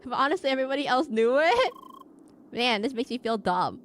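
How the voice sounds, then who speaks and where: A woman's voice: high voice, big pitch swings, fairly quick, slight background noise. A woman streaming a video game, chatting in a rambling casual way with many fillers and restarts. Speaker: VTuber streamer.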